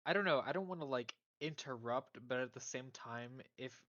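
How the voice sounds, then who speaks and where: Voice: mid-range voice, moderate pace, a bit bright. A player chatting casually during a tabletop game, laughing and swearing. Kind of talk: casual chat. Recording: dull lo-fi mic.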